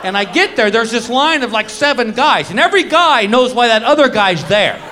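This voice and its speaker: A male stand-up comic works a club crowd, telling a story full of punchlines and short acted-out quotes. His voice is extremely high and expressive at normal speed, and the live recording captures the audience laughing.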